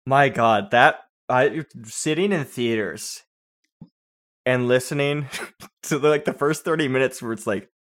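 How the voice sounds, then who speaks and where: Animated joking man on a podcast. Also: medium pitch, a little slow. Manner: jokey, animated storytelling with put-on voices. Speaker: podcast co-host. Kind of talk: casual movie commentary podcast.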